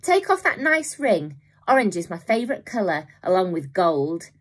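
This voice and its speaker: A woman voicing a rough, menacing female robber who sneers and threatens. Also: lowish voice, big pitch swings, moderate pace.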